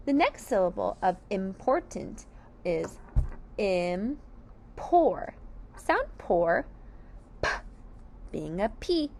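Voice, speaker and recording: A woman teacher slowly sounding out sight words, syllable by syllable, for young children. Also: mid-range voice, darkish tone, a little hiss or hum. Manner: clear, deliberate sounding out of each letter. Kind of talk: slow phonics lesson.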